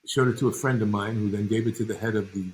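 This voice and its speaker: A man's voice: on the low side, steady tone, quick pace, a little hiss or hum, low-quality recording. An older man from New York, a guest in an interview, telling long rambling stories and acting out the people in them. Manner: rambling anecdotes, acts out other people. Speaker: guest, actor and director. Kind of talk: relaxed interview storytelling.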